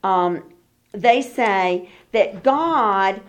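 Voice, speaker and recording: A woman's voice: medium pitch, extremely slow. A woman leading a Bible study, reading scripture aloud and then explaining it in casual talk, acting out the quoted speakers. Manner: acts out the quoted speakers in lively voices.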